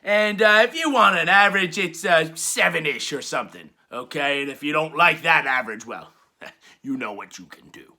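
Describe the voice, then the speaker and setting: A man giving a rowdy, crude comedic wrestling recap, laughing at his own jokes and stretching his punchlines into drawn-out hollers. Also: a little high, sharp tone. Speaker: wrestling show reviewer.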